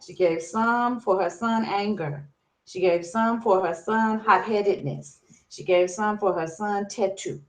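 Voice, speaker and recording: A woman telling a folktale as a lesson, lively and asking her listeners questions as she goes. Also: medium pitch, a little slow, low-quality recording. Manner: lively, asks the audience questions. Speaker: storyteller, teacher. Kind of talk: interactive storytelling lesson.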